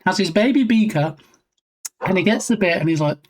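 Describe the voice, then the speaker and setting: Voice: fairly quick, long pauses. Chatty, joking live-stream host. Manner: chatty and joking, reading viewer names aloud; lively swings in pitch. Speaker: livestream host. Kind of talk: casual live-stream chat.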